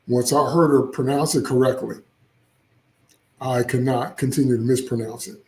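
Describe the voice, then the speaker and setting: A man's voice: mid-range voice, normal speed, roomy sound, poor audio. A man hosting casual solo commentary, opinionated and chatty with frequent asides. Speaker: comics channel host.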